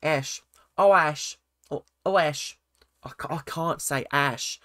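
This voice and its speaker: A vlogger voicing a dramatic young woman who claims to hear spirits, in a put-on Australian accent, halting and full of ums. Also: mid-range voice, fairly bright tone, no room sound, clean studio sound. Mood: dreamy, hesitant.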